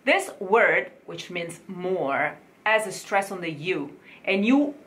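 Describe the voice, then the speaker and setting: A woman leads a diction lesson for singers. She speaks at a slow, deliberate pace and drills each word several times so the listener can copy it. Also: on the low side, expressive, a bit bright.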